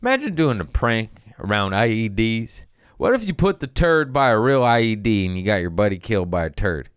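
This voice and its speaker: A man hosts a casual comedy podcast, reading listener messages aloud and swearing freely. His voice sits on the low side, and he keeps jumping into goofy voices for the people he quotes. The sound is dry and close-miked. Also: big pitch swings, fairly quick, clear, resonant tone, no room sound.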